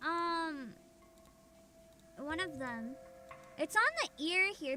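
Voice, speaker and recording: Excitable high-voiced young woman streamer. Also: moderate pace, loud music behind the voice. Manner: excitable, bursts into loud outcries and laughs. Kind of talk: casual gaming livestream.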